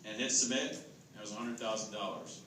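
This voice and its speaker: A man on a charity ride team telling a relaxed story with many hesitations. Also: fairly low pitch, fast talker. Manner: relaxed, hesitant, lots of "uh" fillers. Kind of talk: casual storytelling to a camera. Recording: echoey, distant, noisy.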